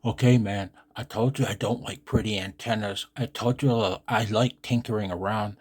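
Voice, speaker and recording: A man's voice: fairly low pitch, fairly even intonation, moderate pace, noisy background. A middle-aged man ranting in frustration about radio antennas, swearing and repeating himself. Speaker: ham radio vlogger. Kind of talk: heated rant to camera.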